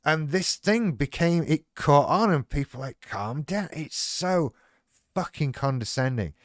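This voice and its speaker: A man's voice: on the high side, expressive, a little slow, dry recording, clean studio sound. A man hosting a livestream, chatting frankly and wryly, with plenty of swearing. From United Kingdom. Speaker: livestream host. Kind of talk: casual chat.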